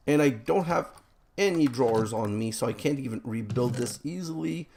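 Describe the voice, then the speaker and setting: Gravelly-voiced man doing game commentary. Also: medium pitch, expressive, normal speed, a little mellow, slight background noise. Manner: rambling, self-mocking, exasperated at setbacks. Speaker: let's play host. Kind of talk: let's play game commentary.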